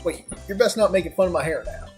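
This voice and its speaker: A streamer voicing a brash Southern woman photographer with a loud, folksy drawl and whoops, reading a game character. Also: mid-range voice, quick pace, faint music behind, voice pushed up, lightly acted. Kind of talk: let's play character voice.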